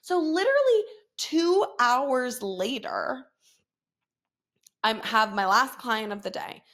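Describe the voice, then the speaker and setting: Woman, thirties, podcast host, casual confessional chat, profane, laughing, fairly high voice. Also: expressive, slow, a bit bright. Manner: frank, profane, laughs often.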